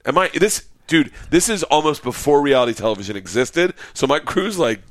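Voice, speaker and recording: A man telling a wild comic story, acting out voices, laughing and shouting at the big moments. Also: medium pitch, very animated, brisk, dry recording. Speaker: guest comedian.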